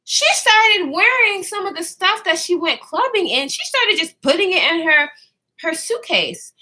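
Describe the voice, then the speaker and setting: A woman's voice: extremely high pitch, big pitch swings, a little slow, bright, forceful tone. A woman in her twenties telling a story to her viewers in a casual, slangy way, swearing freely and often trailing off to restart.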